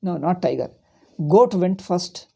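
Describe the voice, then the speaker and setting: A man teaching a spiritual philosophy class, rambling through anecdotes and rhetorical questions in an emphatic, animated way. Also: sits high, a little slow, creaky. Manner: animated and emphatic, often laughing at his own points. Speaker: Vedanta teacher. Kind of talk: lecture.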